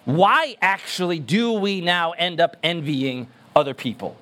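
A man's voice: a little high, animated, unhurried, a bit bright. A man preaching a sermon as pastor, emphatic and earnest, repeating words for stress.

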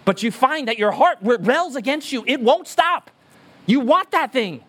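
A man's voice: very high-pitched, expressive, moderate pace, sharp tone, breathy edge. A man preaching a sermon as pastor, emphatic and earnest, repeating words for stress.

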